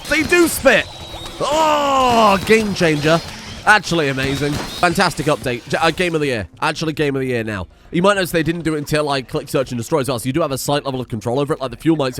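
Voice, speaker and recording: A young man giving excitable, chatty let's play commentary and swearing freely. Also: mid-range voice, slight background noise. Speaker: gaming streamer.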